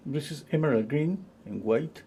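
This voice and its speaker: A man with a southern Spanish accent, a native Spanish speaker, teaching painting live, talking in a relaxed, halting way as he works and answers viewers. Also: a little high, slight background noise. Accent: Spanish, southern Spain. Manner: relaxed, halting, thinks aloud while painting and reads viewer comments. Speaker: painting instructor. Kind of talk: live-streamed painting lesson.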